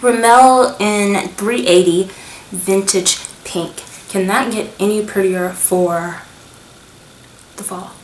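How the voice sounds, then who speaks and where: A gushing, chatty woman reviews beauty products at a mid-range pitch. Her talk sometimes sinks to a whisper. The sound is roomy and echoey, with a faint hum behind her. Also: fairly even intonation, takes it slowly. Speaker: beauty vlogger.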